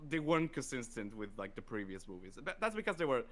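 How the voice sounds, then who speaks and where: A man hosting a casual podcast chat, ranting excitedly with lots of fillers. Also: medium pitch, quick pace. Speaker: podcast host.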